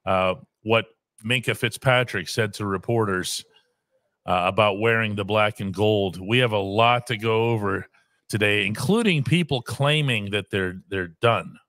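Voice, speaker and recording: A man hosting a casual sports talk show, speaking in a measured and wry way as he explains the news. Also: lowish voice, a bit bright, no echo, clean studio sound. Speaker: host, sports columnist.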